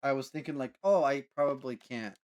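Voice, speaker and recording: A man's voice: mid-range voice, fairly quick, darkish tone. A man chatting casually with his live-stream audience, rambling with lots of fillers and frequent laughter. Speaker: livestreamer.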